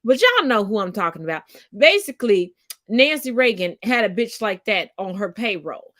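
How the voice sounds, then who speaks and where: A woman's voice: medium pitch, big pitch swings, normal speed, a bit bright, no echo, studio quality. A woman co-hosting a casual podcast, talking bluntly and swearing freely as she rants. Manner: blunt, profane, ranting. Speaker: co-host.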